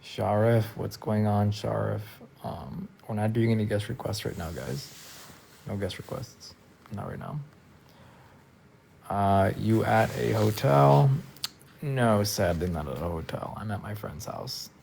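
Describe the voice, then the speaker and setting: A tired man talking casually on a live stream from a friend's house, soft-spoken and trailing off with lots of fillers. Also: fairly low pitch, moderate pace, creaky, a little hiss or hum. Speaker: livestreamer.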